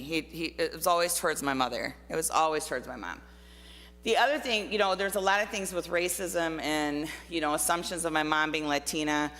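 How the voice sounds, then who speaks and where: A woman with a bright, clear voice talks through her artwork in a loose, conversational way, full of fillers and personal stories. Her voice carries a long reverb from the large hall she speaks in. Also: sits low. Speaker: artist giving a talk. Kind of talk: informal presentation of artwork. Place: church forum room.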